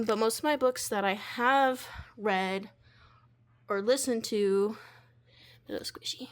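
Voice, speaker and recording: A woman's voice: medium pitch, a bit bright. Chatty young woman with a drawl. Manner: rambling, filler-heavy, chatty. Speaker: book vlogger. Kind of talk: casual vlog chat. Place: at home by her bookshelf.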